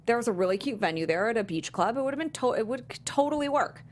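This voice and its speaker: A woman's voice: on the high side, lively intonation, fast talker, slight background noise. A woman co-hosting a podcast, chatting casually in a frank, rambling way. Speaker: podcast co-host. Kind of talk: casual chat.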